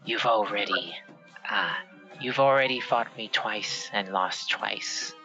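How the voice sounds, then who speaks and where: A man voicing a clawed female warrior for a tabletop game, speaking in a formal, courteous, measured way. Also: lowish voice, pushed and bright, muffled recording, faint music behind, exaggerated voice.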